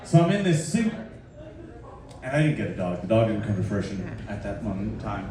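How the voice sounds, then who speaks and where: A man's voice: lowish voice, very animated, a little fast. Guy telling a swearing funny story live, super echoey room, heard from far, crowd laughing. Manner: loose, profane, self-mocking. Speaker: folk musician telling a story on stage. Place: live venue with audience.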